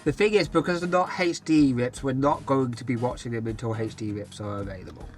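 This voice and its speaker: A man's voice: mid-range voice, a little fast. English guy explaining stuff casually, kinda rambly, faint music behind. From England. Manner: explains plans with many fillers and restarts. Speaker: co-host of a reaction channel. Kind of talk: casual chat.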